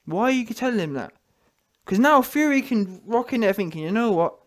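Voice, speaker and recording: A man's voice: high-pitched, lively intonation, normal speed. A man giving a sarcastic, punchy sports commentary rant, full of tag questions. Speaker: vlogger commentator.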